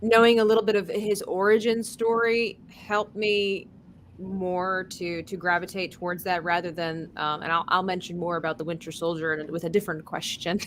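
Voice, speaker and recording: A woman's voice: medium pitch, a bit bright, a little hiss or hum. Chatty woman podcast co-host. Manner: chatty, rambling with restarts. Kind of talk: casual chat.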